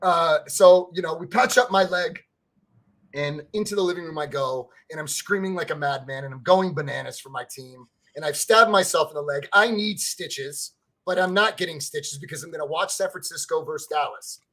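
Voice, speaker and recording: Rambling podcast co-host, man with a high, bright voice, stumbles over words, cusses a lot. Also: moderate pace. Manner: rambling, stammers and repeats words, swears freely. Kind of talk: casual sports fan chat.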